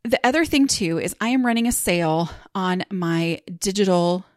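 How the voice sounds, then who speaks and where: A woman's voice: fairly low pitch, expressive, normal speed, no echo, studio quality. A woman hosting a podcast, chatting casually and rambling with lots of fillers and restarts. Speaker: podcast host.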